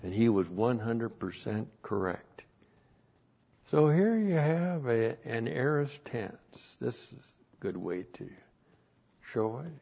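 Slow talking pastor guy preaching, repeats himself, gets loud on the big points, muffled lo-fi audio. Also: mid-range voice, big pitch swings, gravelly, husky. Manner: repeats phrases, swells loud for emphasis. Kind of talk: sermon with Bible teaching. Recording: dull lo-fi recording.

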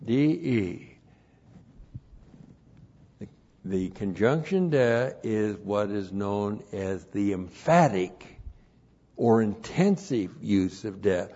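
A man pastor giving an expository sermon, deliberate and emphatic, with pauses and fillers. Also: lowish voice, animated, mellow, lo-fi sound. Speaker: pastor and Bible teacher.

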